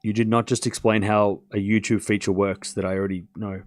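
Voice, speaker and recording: A young Australian host runs a live watchalong, his voice lowish, flat and brisk. He chats with viewers and reads their messages between rallies, laughing often and calling out points.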